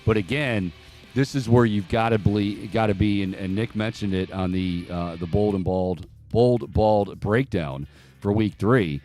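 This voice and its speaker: A man's voice: on the low side, a little slow, darkish tone, soft background music. A man hosting a studio sports talk show, breaking down plays and rattling off upbeat plugs and a sign-off. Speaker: sports radio host.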